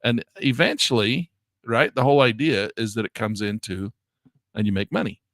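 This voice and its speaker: A man teaching a live options trading lesson in a chatty way, grumbling at his software and jumping high when exasperated. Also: normal speed, dry recording, studio quality. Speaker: trading instructor.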